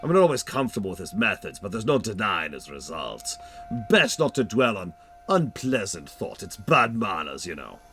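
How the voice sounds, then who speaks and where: Man playing a jovial scheming speculator; heavy German accent, big swings in pitch. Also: sing-song, moderate pace, sharp tone, soft background music, full character voice. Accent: exaggerated German. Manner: jovial, grand. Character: smug wealthy male speculator, jovial and scheming.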